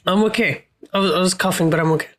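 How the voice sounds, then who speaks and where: A woman's voice: fairly low pitch, rapid-fire, low-quality recording. A woman co-hosting a podcast in casual banter, dry and blunt with casual swearing. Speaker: podcast co-host.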